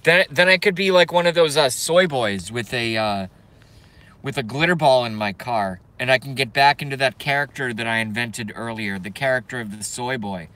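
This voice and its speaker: A man's voice: medium pitch, normal speed, sharp tone. A man ranting live from his car, profane and exasperated, reacting to his viewers. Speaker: host. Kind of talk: live rant.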